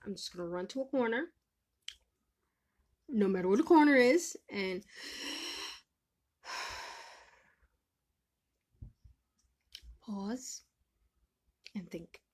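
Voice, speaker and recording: Woman, life coach, casual vlog, loud venting then hushed breathy calm, mid pitch.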